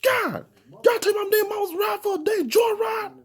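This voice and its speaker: A man voicing a panicking teenage boy who rants in a high, whiny, half-crying voice over his mother's car. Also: normal speed. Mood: frantic.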